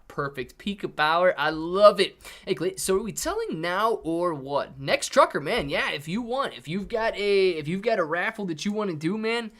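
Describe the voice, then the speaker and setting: Chatty guy doing a live stocks stream, kinda high voice, upbeat, reading out chat. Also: a bit bright. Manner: upbeat, chatty, thanks viewers by name. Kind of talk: casual live stock-market commentary.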